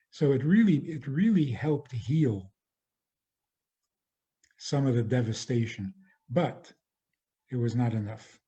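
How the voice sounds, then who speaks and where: Slow, measured rabbi giving a lecture. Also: male voice, mid-range voice, expressive, dark tone. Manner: measured, restarts and repeats phrases. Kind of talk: spoken lecture.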